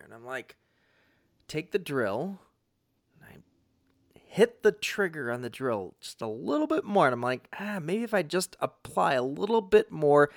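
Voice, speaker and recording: A man telling a casual story in an animated way, full of swearing, fillers and restarts. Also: on the high side, normal speed, dry recording, clean studio sound. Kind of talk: casual anecdote.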